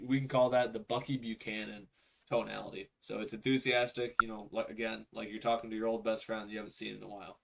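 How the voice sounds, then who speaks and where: A man walks through a sales call script on screen, acting out each sample line in a casual, conversational way. His voice sits low with a gravelly edge, and the delivery stays fairly flat. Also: fast talker. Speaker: real estate sales coach. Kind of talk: instructional screen walkthrough.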